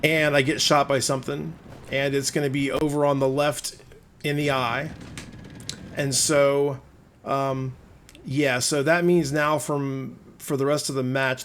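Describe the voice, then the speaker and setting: A man narrating his own gameplay in a conversational voice-over, explaining each move and openly admitting when he gets frustrated. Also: medium pitch. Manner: conversational, explaining play as it unfolds. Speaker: gaming video host.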